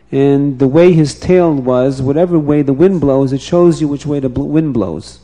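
A man telling a folk tale aloud, animated and repeating phrases, now and then restarting words. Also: a little high. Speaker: storyteller.

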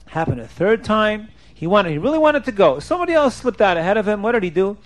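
A man with a fairly high voice tells a story to a class of boys. He keeps it animated, leaping in pitch and acting out each speaker in the tale. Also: quick pace, few pauses. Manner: animated, jumps in pitch and acts out quotes. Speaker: teacher telling a story to boys. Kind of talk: storytelling lesson.

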